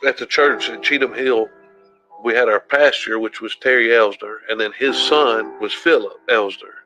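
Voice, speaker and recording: Man, documentary interview, storytelling, bright tone, faint music behind. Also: medium pitch, normal speed, poor audio. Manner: storytelling, acts out quoted dialogue. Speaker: interviewee, former church member.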